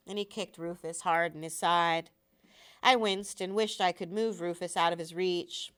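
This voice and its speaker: A woman teacher reading a novel aloud to her students with steady, expressive storytelling. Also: on the low side, unhurried, smooth.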